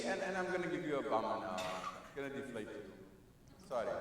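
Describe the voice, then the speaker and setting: A man giving a keynote speech, dropping to quiet asides and then rising to loud, emphatic peaks. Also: fairly high pitch, animated, moderate pace, pauses often, distant mic. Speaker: keynote speaker. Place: large conference hall. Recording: echoey hall, speaker off-mic.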